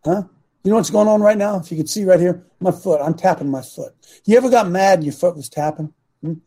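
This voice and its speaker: A man hosting a talk show as a coach, preaching with passion and at times shouting. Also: high voice, quick pace. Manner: impassioned, swings to shouting. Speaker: host and coach.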